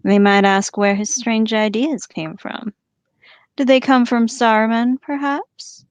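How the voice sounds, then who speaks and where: A woman reading aloud and voicing a sly, evil male orc who speaks softly and sneers. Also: a little high, fairly even intonation, a little slow, clean tone, dry recording, close to an everyday voice. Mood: sneering. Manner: soft, sneering, menacing.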